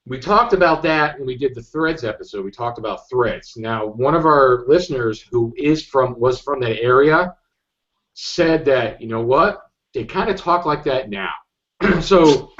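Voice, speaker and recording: 40-something guy from new york, sounds midwestern, chatty podcast talk with lots of you knows, muffled lo-fi audio. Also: mid-range voice. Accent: neutral American, Midwestern-sounding. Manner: chatty, many "you know" fillers. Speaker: podcast co-host. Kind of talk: casual podcast discussion.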